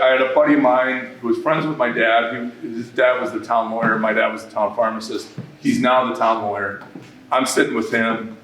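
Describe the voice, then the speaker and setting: A man who runs a business, telling an audience a long story about his start, with many restarts and quoted remarks. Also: medium pitch. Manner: rambling, animated, with many restarts. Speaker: business owner speaking at a workshop. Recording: echoey room, mic at a distance.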